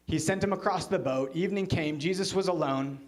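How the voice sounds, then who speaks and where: A man, the pastor, preaching a sermon in church and telling a story, at times dropping into a hushed low voice for quoted lines. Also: a little fast.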